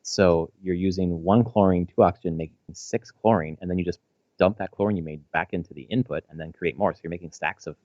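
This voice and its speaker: Deep voiced guy in his 30s rambling on a podcast, lots of ums and likes, swears a bunch, dry kinda muffled audio. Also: steady tone, fairly quick, a little mellow, dry recording. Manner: rambling, with many fillers and restarts; swears casually. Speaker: podcast co-host. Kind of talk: casual podcast chat. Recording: slightly dull, dry audio.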